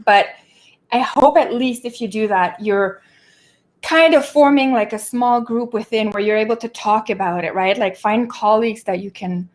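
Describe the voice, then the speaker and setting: Animated woman ranting from home. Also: on the high side, normal speed. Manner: animated, exasperated, laughs and catches her breath. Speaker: show host. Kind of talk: casual livestream commentary.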